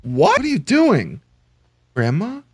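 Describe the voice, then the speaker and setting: A man narrating his gameplay in a let's play, full of sarcastic jokes. His voice swoops up and down with lively energy, with faint noise behind it. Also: medium pitch, unhurried. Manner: joking, sarcastic. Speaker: gamer.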